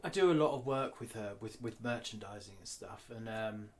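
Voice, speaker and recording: A man talking candidly in an interview, blunt and animated, swearing freely. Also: lowish voice, moderate pace, a little hiss or hum. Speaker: guest artist.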